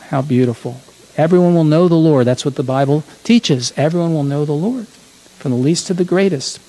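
A male preacher with a high-pitched voice who delivers his sermon in a folksy, conversational way. He speaks directly to the congregation and often stops to correct himself mid-phrase. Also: fairly quick, dark tone, poor audio.

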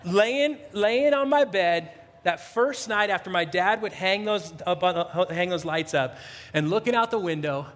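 Pastor, male, high voice, loose joking delivery with restarts, long hall reverb. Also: expressive, unhurried, a bit bright. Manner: informal, joking, many restarts. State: a little out of breath. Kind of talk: church prayer and sermon.

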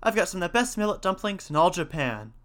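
A man's voice: high-pitched, sing-song, quick pace, fairly bright tone, voice pushed up. A man voicing a bold, cheerful young hero in a storybook reading, eager and commanding.

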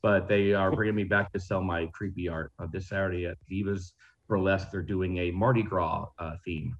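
A man's voice: low voice, steady tone, brisk, lo-fi sound. A man on a casual podcast, plugging his art with hesitant ums. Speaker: podcast guest.

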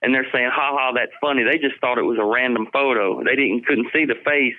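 A man's voice: medium pitch, brisk. Middle aged midwest guy rambling through a hunting story, laughing a lot, sounds like he's on a phone line. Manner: rambling, animated, laughs often, repeats himself. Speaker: hunting show host telling a story. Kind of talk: casual storytelling.

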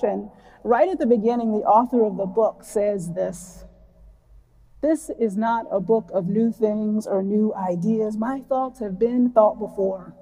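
A woman preacher giving a reflective, earnest sermon and reading scripture slowly and deliberately. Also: medium pitch, dark tone. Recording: long hall reverb.

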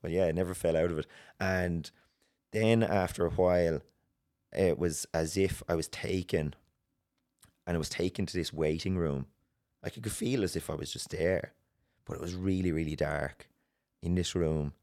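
An Irish man telling a personal story as a podcast guest, earnest and halting, with many restarts. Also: sits low, darkish tone. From Ireland.

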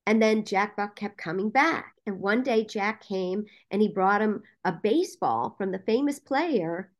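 A woman guest on a podcast interview, a casting director and producer telling a story in a lively way with frequent "um" fillers. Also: mid-range voice, unhurried.

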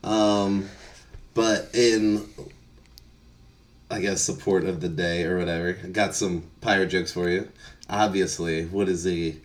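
A man's voice: low voice, fairly even intonation, unhurried, long pauses. A young man co-hosting a casual podcast, laid-back and chuckling often, with lots of "um" and "like". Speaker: podcast co-host.

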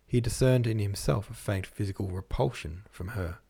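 A man reading a classic novel aloud as a podcast host, in measured literary narration. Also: fairly low pitch, creaky, dark tone, slightly rough. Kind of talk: scripted narration.

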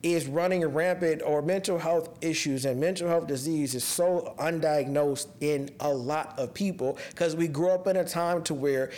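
A man's voice: on the high side, moderate pace, hardly any pauses, a little mellow. A man hosting a podcast, speaking in a casual, candid personal monologue that turns raw and emotionally heavy. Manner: casual and conversational, restarts when upset. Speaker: podcast host. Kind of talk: personal monologue on mental health.

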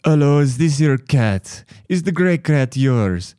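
A man voicing a young woman neighbor who complains politely and haltingly about a cat. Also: fairly high pitch, expressive, mellow, clear, resonant tone, no room sound, studio quality, voice pushed up. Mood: complaining.

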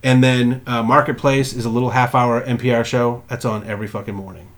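A young man co-hosts a podcast, talking briskly at a medium pitch. The conversation is casual, and his animated storytelling is profane, with quotes acted out in character.

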